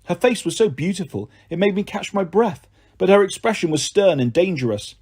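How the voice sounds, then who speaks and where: A man reading a first-person audiobook with expressive, dramatic delivery. His voice sits a little high and sounds husky. His pitch moves a great deal from line to line. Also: fairly quick. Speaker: audiobook narrator.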